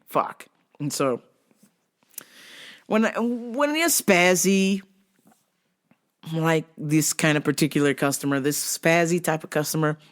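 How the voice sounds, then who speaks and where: Woman host, casual storyteller, profane, laughs often. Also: sits low. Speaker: vlog host.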